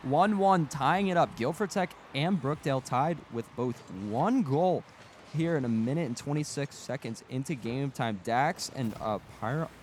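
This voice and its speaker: A young man casting an esports match, giving excitable play-by-play that jumps into loud cheers. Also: mid-range voice, moderate pace, slight background noise. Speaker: esports caster. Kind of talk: play-by-play game commentary.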